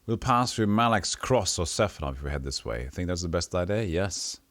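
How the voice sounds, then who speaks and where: At a moderate pace and with a low-pitched voice, a man streams a retro RPG from home, casually chatting and reading the game's text. He's animated, and his reading is marked by stumbles and self-corrections. It's a dry recording.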